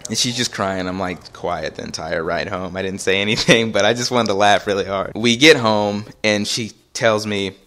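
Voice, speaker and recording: A man with a fairly low voice telling a personal story to his viewers. He talks casually and animatedly, slipping into the voices of the people in his tale. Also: normal speed, hardly any pauses. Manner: animated, acts out quoted voices. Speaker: vlogger.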